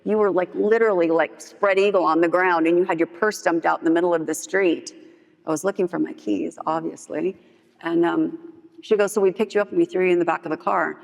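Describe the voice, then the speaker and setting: A woman's voice: a little fast, vocal fry. A woman sharing her recovery story at a meeting, casual and candid, with lots of "like" fillers and playful acted-out dialogue. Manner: animated storyteller who acts out others' lines in a higher voice; frequent "like" fillers, candid and humorous. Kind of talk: personal testimony at a recovery meeting. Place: large meeting hall with long reverb. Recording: reverberant hall recording.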